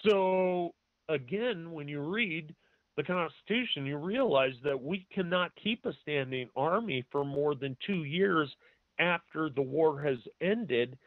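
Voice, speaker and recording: A man hosting a talk show who speaks hesitantly with many pauses and filler words, and reads documents aloud, spelling out capitals and punctuation. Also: fairly high pitch, lively intonation, dry recording. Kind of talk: slow, halting talk-radio monologue. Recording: tinny, dry phone-line audio.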